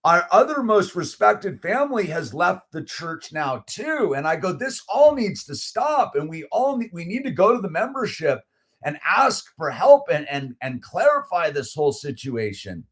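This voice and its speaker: A man's voice: sits high, sing-song, normal speed, a bit bright, slightly rough. Man heatedly retelling a church dispute, "dude"-heavy. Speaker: channel host. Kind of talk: casual storytelling.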